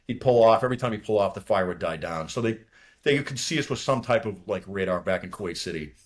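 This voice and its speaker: A man's voice: fairly low pitch, lively intonation. A man in his sixties from near Boston, a retired fighter pilot telling a war story in casual, profane, rambling talk. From from near Boston, USA. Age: 60s. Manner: rambling, profane, talks fast when nervous.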